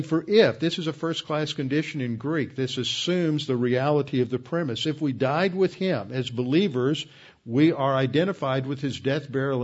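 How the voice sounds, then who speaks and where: A man giving a Bible lesson, explaining scripture in a deliberate way, with frequent ums and restarts. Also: a little high, highs cut off. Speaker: Bible teacher. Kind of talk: Bible teaching.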